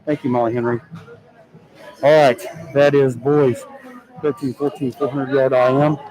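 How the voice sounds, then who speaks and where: Excitable man announcing a swim meet. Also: medium pitch, normal speed, poor audio. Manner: excitable, chatty and joking. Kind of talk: live event announcing. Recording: crowd clearly heard behind. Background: crowd of spectators.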